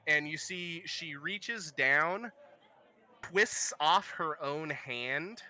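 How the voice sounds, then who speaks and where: Slow, bright-voiced game master man. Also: fairly high pitch, soft background music, a faint crowd. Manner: halting, many ums and uhs. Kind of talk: narrating a tabletop game.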